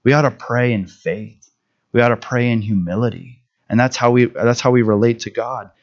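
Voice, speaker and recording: A man's voice: medium pitch, moderate pace, dull audio. A man preaching a sermon in a conversational way, often checking in with "right?" and restarting his words.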